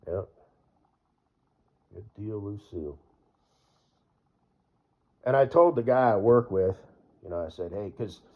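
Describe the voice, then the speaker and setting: A man's voice: deep voice, husky. A man vlogging in a casual, rambling way, full of fillers and laughing at his own jokes. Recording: dull lo-fi recording.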